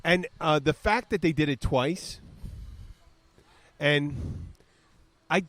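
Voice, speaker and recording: This podcast host, a man in his fifties from the southern US, talks slowly in a slightly high, fairly bright voice with no echo. He rambles through anecdotes in a casual chat, mimicking voices along the way.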